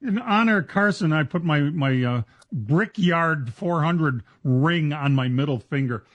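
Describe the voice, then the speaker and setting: A man hosting a racing talk radio show, chatting casually and excitedly with frequent laughs and restarts. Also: on the high side, measured pace, no room sound, dull audio.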